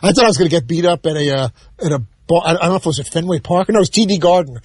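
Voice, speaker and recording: A man with a New York accent, a show regular telling a rambling story on talk radio with many halting restarts. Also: fairly high pitch, husky, no room sound.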